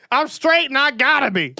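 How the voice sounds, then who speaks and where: A man's voice: very high-pitched, big pitch swings, a little slow, creaky, pushed and bright, no room sound, studio quality. A young man from Northern New York with that region's accent, riffing and swearing through comedic podcast banter with lots of laughing. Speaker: podcast co-host.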